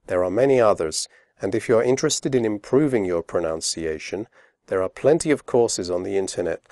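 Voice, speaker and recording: British male teacher, low-ish voice, very slow and careful, dry close studio read. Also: animated, darkish tone, no echo. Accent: British English. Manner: slow, deliberate, modelling sounds clearly for learners. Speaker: English pronunciation teacher. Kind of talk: scripted instructional narration.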